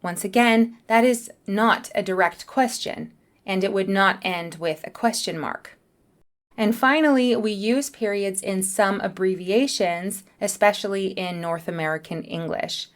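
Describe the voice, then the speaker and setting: A woman teaching a beginner English lesson, speaking in a clear, careful way. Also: mid-range voice, a little slow.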